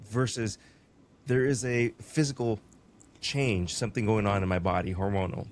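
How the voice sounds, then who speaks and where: A man's voice: medium pitch, unhurried. A man hosting a podcast, asking thoughtful questions and making light jokes. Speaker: podcast host. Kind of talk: conversational podcast talk.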